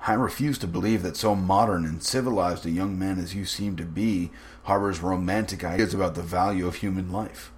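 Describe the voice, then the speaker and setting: A man voicing a suave, cruel aristocratic general with smooth, mocking menace. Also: low-pitched, fairly even intonation, a little fast, natural voice.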